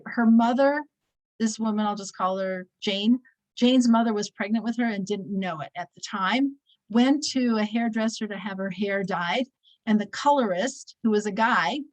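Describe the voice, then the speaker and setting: A woman in her sixties leads a casual weekly scripture class. She talks in a chatty, anecdotal way, full of fillers and restarts, at an everyday middle pitch. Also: unhurried, poor audio. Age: 60s. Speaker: Torah class teacher.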